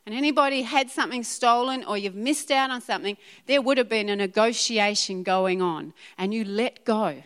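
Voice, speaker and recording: A woman preaching a sermon to a church congregation, emphatic and animated, repeating her points and speaking directly to the audience. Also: a little high, normal speed, few pauses, clear, resonant tone. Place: church hall. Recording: reverberant hall.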